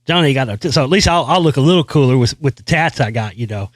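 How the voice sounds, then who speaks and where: A man's voice: mid-range voice, animated, fast talker, no room sound, clean studio sound. A man hosting his own show, delivering a brash, boastful, profane rant full of repeated phrases. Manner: brash, boastful, heavy swearing, repeats himself. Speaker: show host. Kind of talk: profane ranting monologue.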